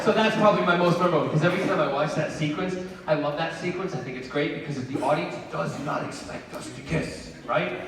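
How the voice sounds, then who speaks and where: A man's voice: a little high, quick pace. Guy telling a story at a con panel, super playful, heard from far off in a big echoey hall, crowd noise. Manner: playful, theatrical, acts out the people in his stories. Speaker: convention panel guest. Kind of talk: animated storytelling to a live audience. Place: large convention hall.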